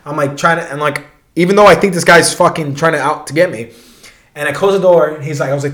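Young man, slightly high voice, casual rambling storytelling, lots of swearing, restarts, echoey room. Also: brisk. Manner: rambling, swearing often, restarts, animated retelling.

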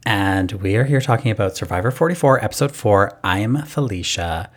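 A man hosting a casual chat podcast, speaking in a measured, explanatory way. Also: fairly low pitch, animated. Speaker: podcast host.

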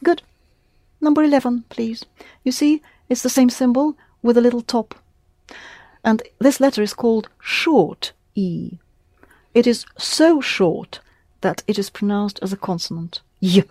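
A woman giving a one-to-one language lesson, patiently modelling words and repeating them slowly for her students. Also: a little high, a little mellow, no room sound. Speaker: language teacher.

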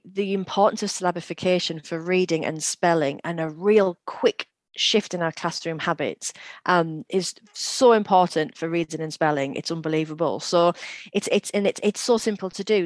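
Low-voiced woman explaining teaching tips. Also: normal speed, no echo. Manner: practical, explains with classroom examples. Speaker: guest, education company CEO. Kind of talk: podcast interview.

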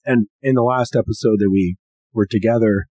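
A man with a husky, slightly rough voice chats as a podcast co-host. He talks in a relaxed, slangy way at a middle pitch, and the sound is dry and close. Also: no room sound. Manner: relaxed, slangy, quick to laugh along. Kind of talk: casual chat.

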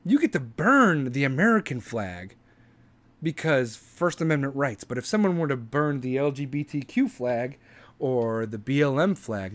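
A middle-aged man, a veteran host, ranting angrily with sarcasm and heavy swearing. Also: a little high. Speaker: podcast host and military veteran. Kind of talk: profane political rant.

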